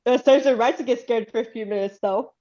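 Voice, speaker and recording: A woman hosting a podcast, chatting casually and telling animated stories with frequent laughter. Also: a little high, brisk, lo-fi sound. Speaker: podcast host. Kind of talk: casual chat.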